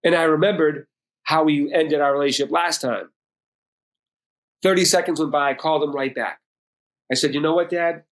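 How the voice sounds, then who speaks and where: A man's voice: on the high side, normal speed, long pauses, a bit bright. A middle-aged man from Boston, a podcast guest telling a personal story bluntly with heavy swearing. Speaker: podcast guest, music producer and DJ.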